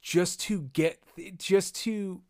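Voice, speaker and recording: A man's voice: high voice, extremely slow, a little mellow, no echo, clean studio sound. A man co-hosting a podcast in casual chat, thinking aloud with plenty of fillers. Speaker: podcast co-host.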